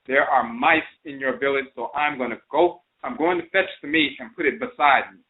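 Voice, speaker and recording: A man's voice: medium pitch, moderate pace, natural voice. A man voicing a greedy, restless male dog who pleads and schemes, heard over a phone line. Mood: pleading. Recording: phone-line internet radio.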